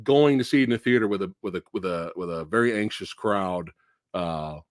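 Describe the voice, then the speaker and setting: A man hosting a movie review show, ranting excitedly and profanely with loud bursts. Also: low-pitched, brisk, no room sound, studio quality. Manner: animated, profane, shouting bursts. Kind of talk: excited film review rant.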